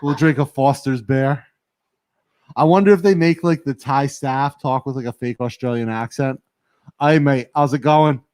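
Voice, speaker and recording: A man's voice: mid-range voice, fairly even intonation, normal speed, a little mellow, no room sound. A man co-hosting a casual studio livestream, joking, laughing often and reading viewer comments aloud. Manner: joking, laughs often, mimics accents in quotes. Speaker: livestream co-host.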